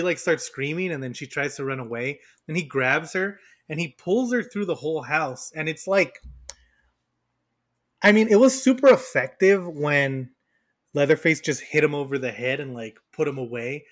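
A man with a somewhat raised voice chats casually as a podcast co-host. He retells movie scenes with animated energy and laughs easily. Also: a little high, moderate pace. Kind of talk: casual chat.

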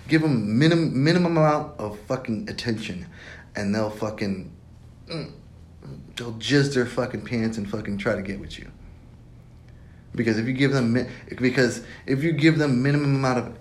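Recorded in an echoey space with a faint background rumble, a man hosts a podcast and rattles off casual, foul-mouthed, no-nonsense dating advice in monologue form.

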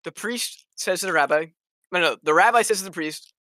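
A man's voice: high-pitched, fairly quick, pushed and bright. A young man co-hosting a casual podcast, eager and fumbling his jokes. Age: young adult. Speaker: podcast co-host. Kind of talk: casual chat.

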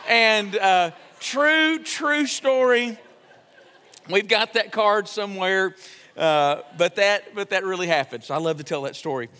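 A man's voice: high voice, a little slow, pushed and bright, smooth. A young man preaching a sermon in a church, a chatty storyteller who jokes with the congregation. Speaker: pastor. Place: church sanctuary. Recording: long church hall reverb.

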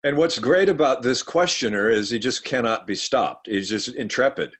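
A man in casual discussion, reading texts aloud in a measured way and sometimes laughing. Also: mid-range voice, lively intonation, breathy edge.

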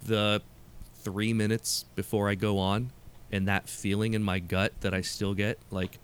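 A man guesting on a podcast, a performer speaking with animated, earnest storytelling in casual chat. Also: on the low side, measured pace, clean tone.

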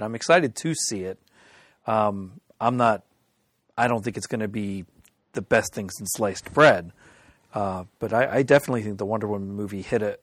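A man calmly giving his opinion in casual podcast chat. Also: on the low side, no echo.

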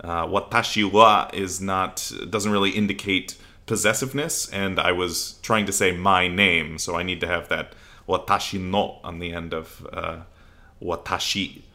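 A man's voice: sits low, fairly even intonation, unhurried, sharp tone. A man co-hosting a casual podcast, rambling with lots of fillers as he explains basic Japanese. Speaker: podcast co-host.

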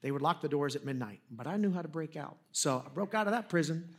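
Man, pastor, sermon, slightly high voice, conversational, self-deprecating humor. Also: lively intonation, quick pace, husky. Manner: conversational storytelling, self-deprecating, frequent restarts.

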